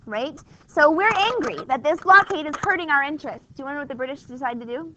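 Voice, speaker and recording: A woman's voice: sits high, fairly quick, hardly any pauses, pushed and bright. A woman teaching a history class in a chatty, wry, conversational way, full of rhetorical questions. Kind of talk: classroom lecture. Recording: dull lo-fi classroom recording.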